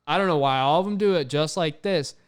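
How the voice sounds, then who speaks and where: A young man hosting a podcast, telling stories in a casual, profane, animated way. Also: a little high, fairly quick, clear, resonant tone. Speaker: podcast host. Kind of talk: casual chat.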